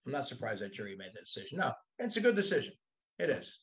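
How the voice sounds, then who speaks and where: A man's voice: mid-range voice, big pitch swings, quick pace. A man in his sixties, a body shop owner, talking bluntly and with profanity as a podcast guest. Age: 60s. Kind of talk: casual podcast conversation.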